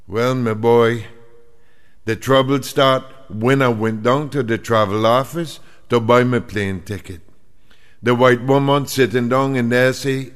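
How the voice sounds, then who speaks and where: A man telling a comic monologue in an animated, indignant, exclamatory way. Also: mid-range voice, measured pace, clean tone. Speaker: comic storyteller. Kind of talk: comic monologue in creole dialect. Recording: long hall reverb.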